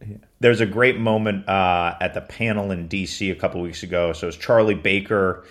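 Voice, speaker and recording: Reporter guy chatting sports, kinda low voice, laughs a lot telling stories. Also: fairly even intonation, normal speed, fairly bright tone. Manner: anecdotal, laughs often. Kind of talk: casual sports talk.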